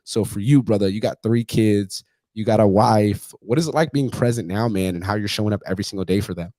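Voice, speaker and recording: Fast-talking, blunt, profane man. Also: lowish voice, dark tone, no room sound. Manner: blunt, heavily profane storytelling; intense, fired-up delivery. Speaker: podcast host. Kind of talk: casual podcast conversation.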